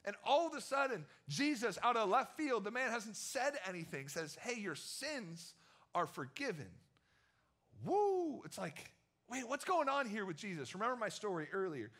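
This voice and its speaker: Bright-voiced chatty young male pastor. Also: high voice, big pitch swings, normal speed. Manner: chatty, storytelling, many fillers. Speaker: youth pastor. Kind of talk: casual youth sermon. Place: church.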